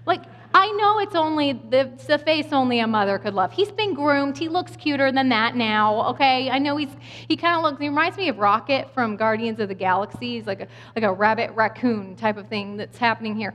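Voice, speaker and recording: A woman's voice: on the high side, brisk. A woman in her thirties or forties telling a funny story in a sermon, acting out voices along the way. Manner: animated, humorous, acts out voices. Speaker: speaker giving a sermon. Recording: long hall reverb.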